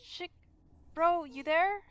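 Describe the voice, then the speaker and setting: A woman's voice: extremely high pitch, takes it slowly, lo-fi sound, pitched above the performer's own voice. A woman voicing a frightened, timid teenage schoolgirl while reading game dialogue aloud, with anxious, breathless pleading.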